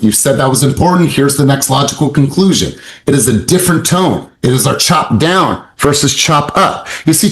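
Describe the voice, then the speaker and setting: A man coaching sales agents in an emphatic, repetitive, motivational way. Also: fairly high pitch. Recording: roomy echo.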